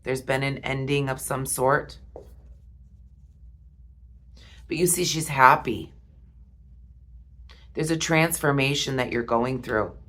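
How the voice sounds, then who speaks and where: Low-voiced woman giving a tarot reading. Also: steady tone. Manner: slow, soft and heartfelt, with pauses. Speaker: tarot reader.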